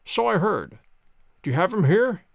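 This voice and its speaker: A man's voice: high-pitched, sing-song, normal speed, creaky, no room sound, clean studio sound, full character voice. A man doing a cool, composed detective. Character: calm, sharp-witted male detective.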